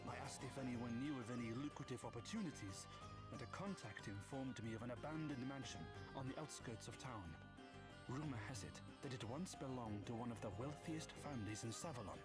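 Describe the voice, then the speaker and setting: A man playing a courteous, anxious father in a video game who speaks in stiff, old-fashioned phrases. Loud game music runs underneath. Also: mid-range voice, close to an everyday voice. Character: polite, worried father seeking money.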